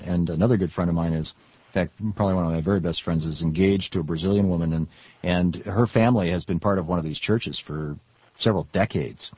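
Husky radio host, political talk, dry dull broadcast sound, animated and stammery. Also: male voice, low-pitched, dry recording. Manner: animated, restarts often, stammers.

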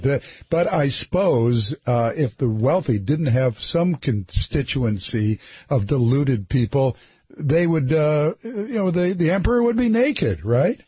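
A male radio talk show host taking calls, talking in an animated, rambling, sarcastic way. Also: on the high side, husky, dry recording. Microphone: studio microphone. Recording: slightly muffled dry broadcast audio.

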